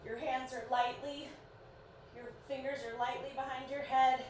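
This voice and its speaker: A woman's voice: high-pitched, flat delivery, normal speed. Chatty, encouraging female fitness coach counting reps on a live stream, slightly sleepy; roomy echo, distant mic, faint background noise. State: sleepy, yawning. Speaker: fitness instructor. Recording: echoey room, voice far from mic, faint noise.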